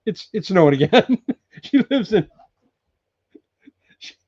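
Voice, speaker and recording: An older man hosting a live stream from his cabin, chatting in a rambling way and laughing often. His voice sits a little high and swings widely, with a mellow tone. The stream audio is dull and lo-fi. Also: big pitch swings, slow, slightly rough. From California. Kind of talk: casual live chat with viewers. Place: off-grid cabin indoors.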